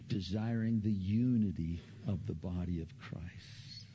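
A middle-aged man preaching a sermon as pastor. He tells stories earnestly, repeats his key phrases, and his pitch climbs when he gets animated. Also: measured pace. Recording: slightly dull recording with faint background noise.

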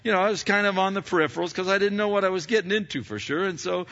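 A man telling a story in a sermon, halting and repeating words as he goes. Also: high-pitched, a bit bright, dull audio.

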